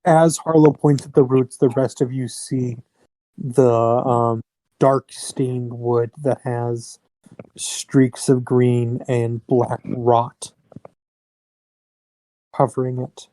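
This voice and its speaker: Male game master, casual narration, mellow and dry. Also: medium pitch, little pitch movement, slow pace, dry recording. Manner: casual, restarts mid-phrase.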